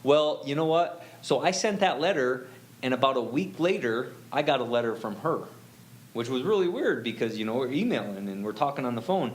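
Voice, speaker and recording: A man's voice: medium pitch, expressive, brisk, low-quality recording. Rambling man telling a personal story. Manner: rambling, many fillers and self-quotes. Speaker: guest telling his faith story. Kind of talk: casual storytelling.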